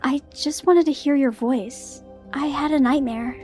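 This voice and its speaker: Girl reading a shaky young woman on a late-night call, slow and unsure, highish voice, bit of game music behind. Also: a little mellow. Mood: hesitant.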